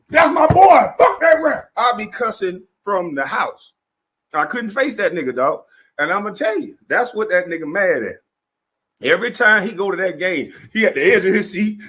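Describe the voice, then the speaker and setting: A man's voice: high voice, sharp tone, breathy edge. A man delivering a profane comedic roast rant, laughing often as he goes. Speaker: commentator.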